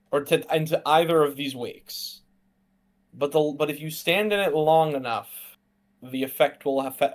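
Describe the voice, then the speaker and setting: A man playing a tabletop game, asking careful, hesitant questions about the rules. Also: on the high side. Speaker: player.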